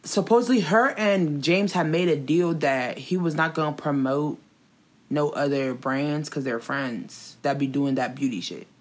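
A woman telling gossip in casual chat, animated and slangy, swearing and acting out quotes. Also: low-pitched, measured pace.

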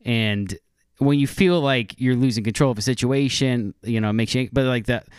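A man's voice: mid-range voice, normal speed, smooth, no echo, studio quality. A man co-hosting a podcast in casual, conversational chat, laughing often. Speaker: podcast co-host.

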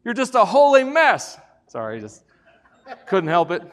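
A male pastor with a fairly high voice delivers a sermon in church. He swings between loud, rising preaching and quiet, joking asides to the congregation. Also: wildly swooping pitch, unhurried.

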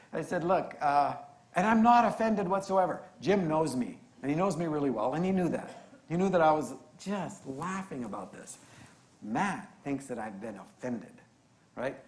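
A man preaching a sermon, telling a story in an animated, conversational way. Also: medium pitch. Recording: roomy echo.

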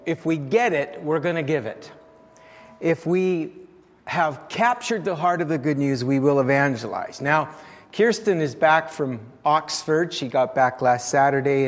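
A middle-aged man preaches in an easy, story-driven way, his voice sitting a touch high for a man. Long reverb from the church sanctuary hangs after his phrases. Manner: conversational, anecdotal. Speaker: pastor. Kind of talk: sermon.

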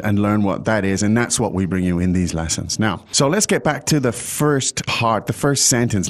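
A man hosting a language lesson who explains phrases patiently, in an animated, chatty way. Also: on the low side.

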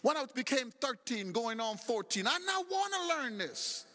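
A man's voice: very high-pitched, very animated, moderate pace, sharp tone. A middle-aged male pastor preaching a sermon in a church, talking animatedly and repeating phrases for emphasis. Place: church sanctuary. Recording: long hall reverb.

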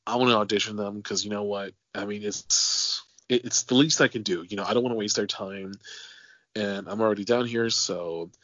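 Man, low voice, rambling chatty host, swears a lot, dry dull recording. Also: steady tone, moderate pace, a bit bright, dry recording. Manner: rambling storyteller, swears casually, many fillers. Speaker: podcast host. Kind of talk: casual interview chat.

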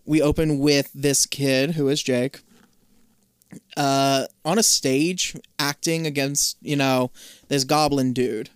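A man's voice: mid-range voice, steady tone, slow pace, smooth, dry recording, studio quality. A man casually recapping a TV episode on a podcast, swearing freely and rambling as he loses track of names. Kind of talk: casual profane podcast chat.

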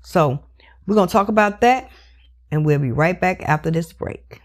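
A woman hosting her own podcast, talking alone in a casual monologue, blunt and animated, swearing freely and leaning on "you know". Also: fairly low pitch, normal speed. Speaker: podcast host.

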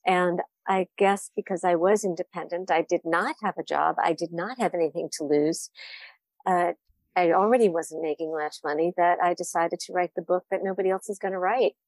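Candid woman author, low dry voice. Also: fairly even intonation, moderate pace, darkish tone, no room sound. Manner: candid, reflective, laughs often. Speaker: wine writer, author. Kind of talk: interview answers.

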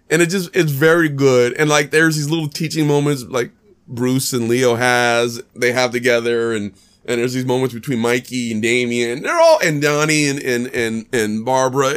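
A man hosting a podcast, chatting casually about a movie, animated and rambling, repeating himself often and restarting his sentences. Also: mid-range voice, clean tone. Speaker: podcast host. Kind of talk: casual movie review chat.

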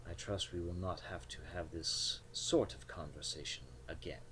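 A man's voice: low voice, steady tone, moderate pace, bright, forceful tone, a little hiss or hum. A man voicing a stern, formal woman hostess with a German accent.

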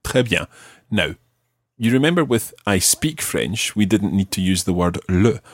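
A man hosting a podcast language lesson, teaching patiently and slowing down to spell out each phrase. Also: low voice, no echo.

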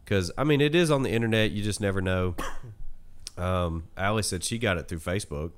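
A man's voice: sits low, a little fast. Chatty young man hosting. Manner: chatty, laughs often. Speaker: podcast host. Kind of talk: casual chat.

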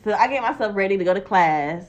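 A woman's voice: mid-range voice, animated, quick pace. A young woman telling a story in casual chat, acting out the quotes and swearing freely. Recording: dull lo-fi recording.

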